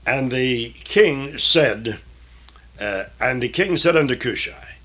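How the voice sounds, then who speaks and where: A man reading scripture aloud in a deliberate, old-fashioned diction, stopping now and then for plain explanatory asides. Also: medium pitch, lively intonation, fairly bright tone. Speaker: Bible reader and teacher.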